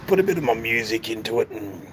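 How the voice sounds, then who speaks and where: A man's voice: medium pitch, animated, fast talker, a little hiss or hum. An Australian man hosting a casual livestream, rambling and swearing as he chats to viewers. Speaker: livestream host.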